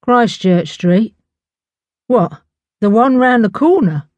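A woman's voice: medium pitch, lively intonation, moderate pace, dark tone, no room sound, lightly acted. A woman voicing a blunt male cab driver who talks in a familiar, offhand way. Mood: incredulous.

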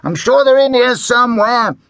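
A man's voice: very high-pitched, lively intonation, moderate pace, creaky, a bit bright, no room sound, pitched above the performer's own voice, heavily acted. A man voicing a friendly, enthusiastic father who runs a dinosaur museum. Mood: jolly.

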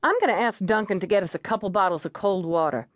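A woman's voice: medium pitch, fast, dry recording, clean studio sound, lightly acted. A woman voicing a cool police negotiator. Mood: calm, coaxing. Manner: calm, soothing, coaxing.

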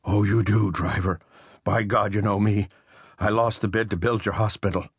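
A man's voice: fairly low pitch, fairly even intonation, normal speed, slightly rough, no echo, studio quality, pitched above the performer's own voice. A man voicing a desperate, bankrupt middle-aged contractor in an audiobook, talking in an agitated, accusing way. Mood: bitter.

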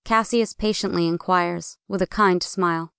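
Smooth, dry audiobook narrator, woman. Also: lowish voice, steady tone, a bit bright, no room sound. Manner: clear, measured storytelling. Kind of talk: first-person audiobook narration.

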